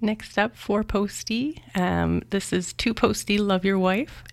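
Woman radio host, Canadian accent, gravelly low voice, dry studio sound, easygoing delivery. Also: no room sound. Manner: plain, unhurried, with small fillers. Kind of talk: casual radio announcing.

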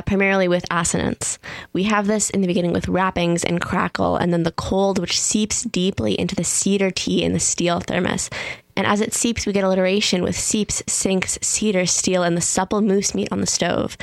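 A young woman reading a prepared literary analysis in a measured, analytical way. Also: lowish voice, creaky, dry recording, rough recording.

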